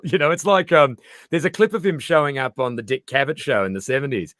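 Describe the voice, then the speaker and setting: A man in casual interview chat, an animated storyteller who acts out the voices he quotes. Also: mid-range voice, fairly quick, no room sound, studio quality. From Australia. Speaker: comedian guest.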